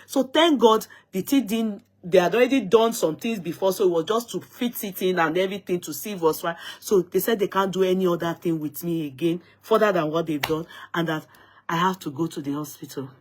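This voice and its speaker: A Nigerian-accented vlogger tells her viewers a story with lively drama, slipping into Yoruba phrases. Her voice is fairly low and a little fast.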